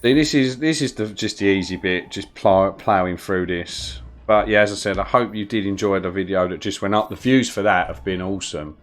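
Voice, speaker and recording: A man's voice: deep voice, fairly quick, hardly any pauses, faint music behind. A man with a London accent giving chatty, rambling gameplay commentary on a live stream and greeting viewers in the chat as he plays. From London, England.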